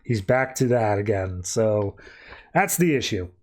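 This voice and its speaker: A man's voice: on the low side, lively intonation, measured pace. A man hosting a podcast, casually retelling a comic-book story in a chatty way full of filler words. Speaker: podcast host.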